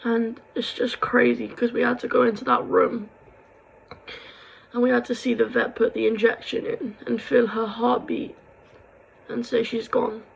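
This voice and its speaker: Young woman vlogger, husky and gravelly, rambling and raw. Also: on the high side, little pitch movement, a little slow, rough recording. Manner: rambling, heartfelt, swings into angry ranting. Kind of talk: emotional confessional vlog.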